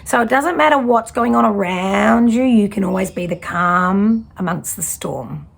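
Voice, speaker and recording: A woman's voice: mid-range voice, measured pace, vocal fry. A woman, giving a casual tarot reading in a fiery, direct way. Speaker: tarot reader.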